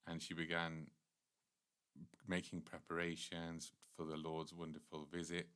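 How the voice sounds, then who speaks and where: Deep-voiced man telling a devotional story. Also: completely flat delivery, measured pace, a bit bright, clean tone. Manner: earnest, explanatory storytelling with frequent restarts. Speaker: temple speaker. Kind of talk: devotional class, storytelling sermon.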